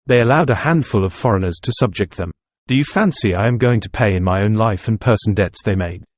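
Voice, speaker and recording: A man's voice: fairly low pitch, lively intonation, fairly quick, no room sound. A man voicing a proud, aloof young male student who speaks in a cutting, intense way, in an audiobook reading. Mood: defiant.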